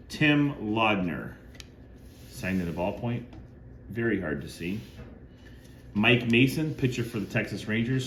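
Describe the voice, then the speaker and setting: A middle-aged man who collects cards, hosting a casual show-and-tell video. He reads items off one by one in a plain, conversational way. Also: lowish voice. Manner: lists items plainly, bursts into loud woohoo cheers. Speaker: card collector and channel host. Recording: echoey room with faint ambient noise.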